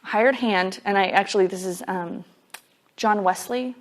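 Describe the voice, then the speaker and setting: A woman Bible teacher delivers a casual, emphatic, conversational sermon, often saying "like" as she explains. Her voice is medium-pitched and unhurried.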